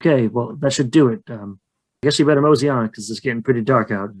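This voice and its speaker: A man's voice: medium pitch, fast talker, a little mellow, close to an everyday voice. A man voicing a shy, huge, hairy male skunk ape who lives in a swamp cave, talking in a flustered, rambling, hesitant way. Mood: bashful.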